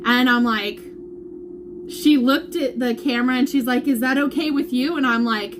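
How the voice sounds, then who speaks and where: A woman's voice: high voice, normal speed, background noise. A woman giving a casual update to her followers, emotional and laughing, now and then near tears. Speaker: vlogger updating viewers.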